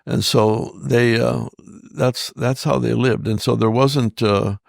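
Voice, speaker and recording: An older man, a guest pastor, talking haltingly in an interview and often repeating his words. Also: mid-range voice, steady tone, creaky, dry recording, clean studio sound. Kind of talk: conversational interview.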